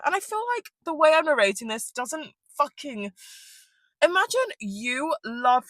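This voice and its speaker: A woman's voice: medium pitch, a bit bright, dry recording. A young woman, rambling casually through a storytime in her car and swearing freely. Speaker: vlogger.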